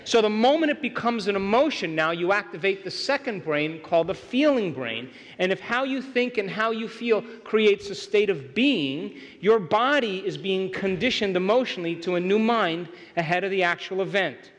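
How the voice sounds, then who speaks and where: A man delivers an emphatic motivational lecture and keeps checking in with his live audience. His voice sits fairly high for a man. It rings with the long reverb of a large hall. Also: animated, normal speed, few pauses, fairly bright tone. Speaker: workshop speaker.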